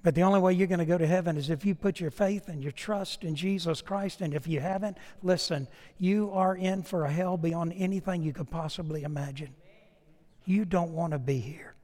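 A man's voice: fairly high pitch, a little fast, a little mellow. A male pastor, preaching a sermon through folksy, humorous storytelling that turns into earnest appeals. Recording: long hall reverb.

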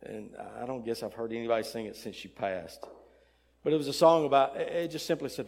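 An older man preaching a sermon, emphatic and swinging between loud fervor and soft tenderness, in a church. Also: medium pitch, brisk. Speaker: pastor. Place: church sanctuary. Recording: long church reverb.

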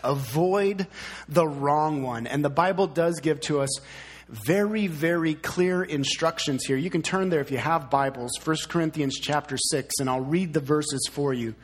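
A man's voice: a little high, normal speed, slightly rough. Emphatic male pastor preaching a sermon. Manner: emphatic, repeats key words.

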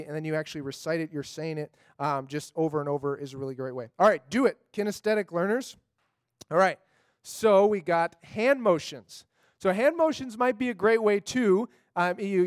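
A man's voice: on the high side, dry recording. A man giving a casual, upbeat talk on memorizing scripture, chatty, with many fillers and tag questions.

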